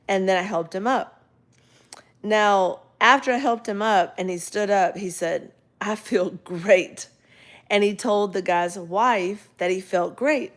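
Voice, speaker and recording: A middle-aged woman, a chiropractor casually telling a story and quoting the people in it. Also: medium pitch. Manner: chatty, animated storyteller who quotes others in character. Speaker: chiropractor and vlog host.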